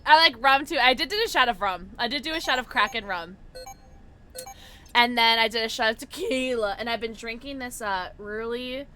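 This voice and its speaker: A young woman streaming a game, bubbly and tipsy, chatting excitedly with her viewers and squealing often. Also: on the high side, a little hiss or hum. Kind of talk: casual live-stream chat while gaming.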